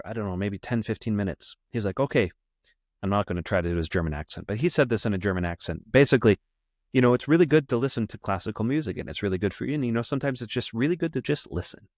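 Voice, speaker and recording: Rambling low-voiced man telling a story. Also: dry recording, clean studio sound. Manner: rambling, repeats himself, self-correcting. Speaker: podcast host. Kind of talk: casual personal storytelling.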